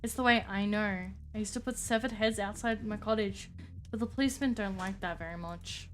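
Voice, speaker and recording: A woman voicing a lonely ancient female vampire who speaks in a haughty, archaic, calmly menacing way. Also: medium pitch, a little fast, soft background music, close to an everyday voice. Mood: defensive.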